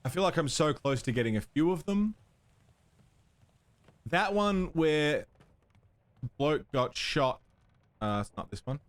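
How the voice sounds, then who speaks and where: A man's voice: fairly high pitch, big pitch swings, takes it slowly, pauses often. A man thinking aloud as he streams a puzzle game, muttering and counting under his breath. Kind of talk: casual gameplay commentary. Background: game music.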